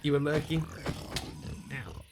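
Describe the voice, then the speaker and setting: A man's voice: fairly high pitch, expressive, slow, very noisy. A man playing a game on a live stream, chatting casually with viewers and yelping aloud whenever his character takes a hit.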